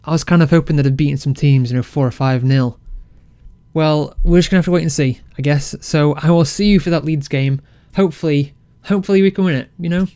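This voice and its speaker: Excitable man narrating a game, dry close mic. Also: a little high, fast, smooth, no room sound. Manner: excitable, self-mocking, rambling with restarts. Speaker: game let's-play creator. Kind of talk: casual game commentary.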